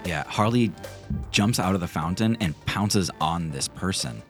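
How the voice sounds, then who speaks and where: A man with a very deep voice narrates a tabletop game as its game master, laying out the action in calm, even description. Music plays clearly beneath him. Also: a little slow. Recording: music bed behind.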